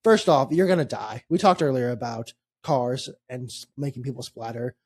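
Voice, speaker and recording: A man co-hosting a casual sports podcast, talking in quick, rambling bursts and swearing casually. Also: mid-range voice, breathy edge. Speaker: podcast co-host. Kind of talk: casual chat.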